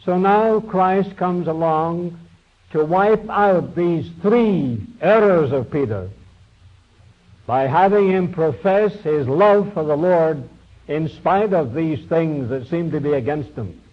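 A man's voice: fairly high pitch, slow pace. A man preaching a sermon, retelling a Bible story in a folksy, conversational way and voicing its figures with small shifts. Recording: dull lo-fi recording.

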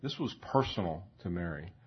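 A man preaching a sermon in a slow, reflective way, often repeating words and pausing with fillers. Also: deep voice, expressive, breathy edge. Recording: dull lo-fi recording.

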